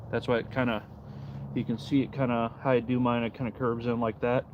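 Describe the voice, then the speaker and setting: Carving outdoors in the chill, a man casually runs a livestream, reading chat messages aloud and replying with an easygoing attitude. His medium-pitched delivery is flat and brisk, over dull audio with background noise.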